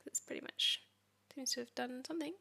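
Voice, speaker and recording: A woman vlogger narrating her coding session, talking back at the software in exasperation. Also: sits high, brisk, vocal fry. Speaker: tech vlogger. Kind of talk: screen-recorded coding commentary.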